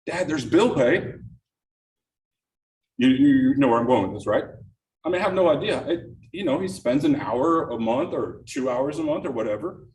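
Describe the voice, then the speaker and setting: A man's voice: mid-range voice, animated, fairly quick, darkish tone. A middle-aged man giving an interactive productivity workshop, engaging the room with frequent questions to the audience, speaking in a meeting room before a live audience. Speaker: workshop presenter. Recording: echoey room, distant mic, faint noise.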